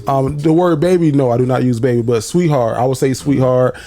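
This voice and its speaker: A man co-hosting a comedy podcast in casual chat, animated and acting out his stage banter. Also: mid-range voice, brisk. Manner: animated, acts out crowd banter in character. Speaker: podcast co-host.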